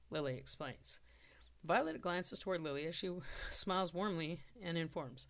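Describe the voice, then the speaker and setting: A middle-pitched storyteller reads an unpolished story draft aloud. The reading is steady and plain, with now and then a stumble and a quick fix. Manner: steady reading with occasional self-corrections. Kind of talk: storybook narration.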